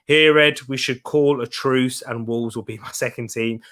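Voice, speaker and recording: A man's voice: mid-range voice, steady tone, moderate pace, a bit bright. A young man hosting a live football watch-along from a home setup, chatting upbeat with his viewers and laughing often.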